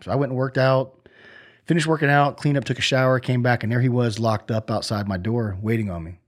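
A man's voice: medium pitch, steady tone, fairly quick. A middle-aged man, a former Army sergeant, telling stories in a casual interview, rambling with many fillers and restarts.

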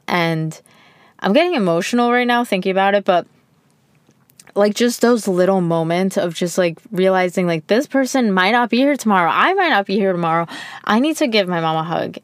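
A young woman in her twenties talks on her podcast in a chatty, rambling way, full of fillers and heartfelt asides. Her voice is smooth and clear. The sound is dry and close, with no room echo. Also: mid-range voice, moderate pace. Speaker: podcast host. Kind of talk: casual personal podcast monologue.

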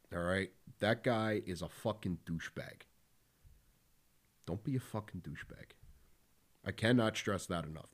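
A man hosting a podcast in casual talk, blunt and profane, with lots of fillers. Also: on the low side. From Philadelphia area. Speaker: podcast host.

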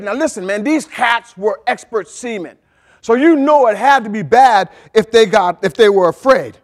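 A male pastor with a strikingly high voice delivers a sermon. He talks conversationally, with frequent asides to the congregation. He bursts into loud, excited exclamations as he tells a story. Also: normal speed. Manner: animated storytelling with sudden shouted outbursts.

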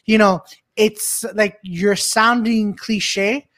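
A man's voice: high-pitched, steady tone, slow pace, fairly bright tone. A man in a casual comedy chat, stammering and repeating words as he gives a fellow comic encouraging feedback. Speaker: podcast co-host.

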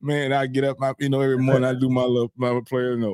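A man's voice: mid-range voice, completely flat delivery, racing, a little mellow, smooth, no echo, studio quality. A man, a guest telling loose, laughing anecdotes full of filler words. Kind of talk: casual storytelling.

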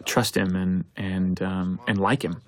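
A man's voice: deep voice, steady tone, a little slow. A man, a film director, giving an earnest, reflective audio commentary, thinking aloud as he talks.

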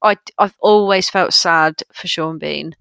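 A woman co-hosting a podcast, chatting about a film in an animated way, full of fillers like "you know" and "like". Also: low-pitched, unhurried, gravelly, clean tone, dry recording. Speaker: podcast co-host. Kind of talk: casual film discussion.

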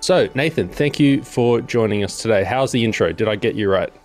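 A man's voice: fairly low pitch, animated, fairly quick, a little mellow, soft background music. A man hosting an interview, introducing his guest and asking rambling, friendly questions with many fillers. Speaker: interview host. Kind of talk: conversational interview.

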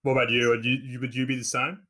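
A man's voice: medium pitch, level tone, quick pace, bright, forceful tone. A man in his twenties from England, raised in New Zealand, chatting casually as a podcast host over a remote call with many fillers. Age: 20s. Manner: rambling, lots of fillers and restarts. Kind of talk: casual chat.

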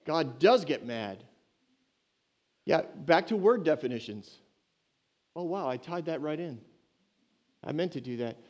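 A man preaching a sermon in an animated, emphatic way that surges loud with passion. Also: on the high side, measured pace, long pauses.

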